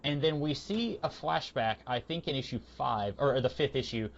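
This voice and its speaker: A man in casual podcast conversation, rambling along with plenty of fillers. He keeps slipping into quick quoted lines of what people said. The audio is somewhat muffled and lo-fi. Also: medium pitch, vocal fry, slight background noise. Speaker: podcast co-host. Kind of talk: casual comic book review chat.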